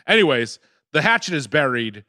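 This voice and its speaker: A man co-hosting a podcast, talking in a brash, joking and excitable way. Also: fairly high pitch, normal speed, no echo, clean studio sound. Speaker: podcast co-host. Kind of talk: casual chat.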